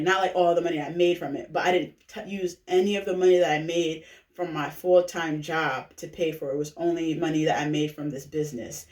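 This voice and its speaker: A woman shares her personal story in a loose, conversational way, leaning on fillers and quick check-ins with her listeners. Her voice sits at a distance from the mic. It bounces around a reverberant room. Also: low-pitched, a little mellow. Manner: chatty, filler-heavy, keeps asking "right?". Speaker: direct-sales recruiter sharing her testimonial. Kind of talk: casual personal testimonial pitch.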